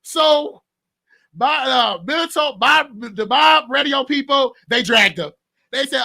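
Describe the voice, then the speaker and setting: A man with a very high, bright, pushed voice and some vocal fry hosts his own gossip show. Talking at a normal speed with plenty of expression, he rambles and repeats himself while recapping overheard talk for his viewers in casual gossip commentary.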